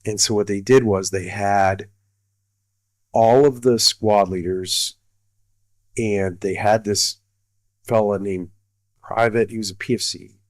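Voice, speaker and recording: A man's voice: on the low side, steady tone, slow pace, long pauses, no echo. A middle-aged man, a retired army colonel, telling a story casually, rambling with many fillers and restarts.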